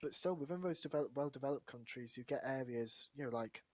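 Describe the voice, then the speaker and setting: A man's voice: medium pitch, quick pace. A man hosting a casual podcast, teasing his guest and telling corny jokes. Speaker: podcast host.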